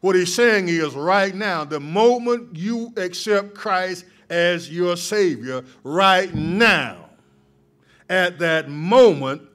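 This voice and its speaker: A male pastor preaching a sermon, moving from calm teaching to loud, emphatic peaks. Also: high-pitched, takes it slowly.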